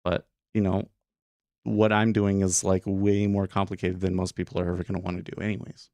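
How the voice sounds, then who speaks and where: A man's voice: low voice, flat delivery, fairly quick, darkish tone, no room sound. A man hosting a day trading livestream, talking casually and rambling with lots of fillers and restarts. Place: home studio room.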